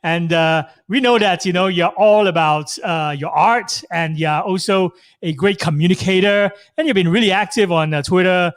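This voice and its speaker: A man's voice: high-pitched, moderate pace, few pauses, dry recording, studio quality. A man hosting a live online interview, giving upbeat, effusive introductions. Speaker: host.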